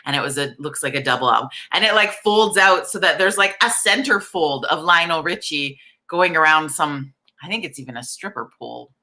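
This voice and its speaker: Woman, forties, live chat host, croaky morning voice, low pitch, bright tone, chatty. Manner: chatty, upbeat, reads viewer comments aloud. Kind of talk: casual live-stream chat.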